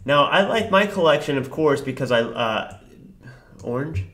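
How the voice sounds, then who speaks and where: A man's voice: fairly high pitch, expressive, normal speed, a bit bright. Rambling, hesitant male co-host. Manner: rambling, hesitant, full of fillers. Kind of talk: casual comedic chat.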